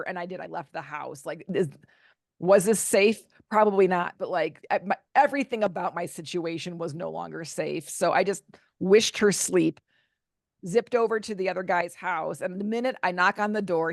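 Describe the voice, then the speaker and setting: On a podcast, a woman author with a lowish voice shares a personal story candidly during an interview. Her retelling is animated, with the quotes acted out, and the audio is studio quality without echo.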